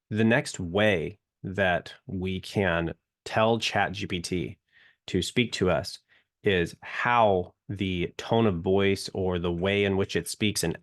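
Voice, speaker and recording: A man with a low, deep voice gives a relaxed, conversational lesson. He talks loosely, with plenty of fillers and restarts. He addresses his viewers directly. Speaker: instructor explaining prompting. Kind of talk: casual explanatory talk to viewers.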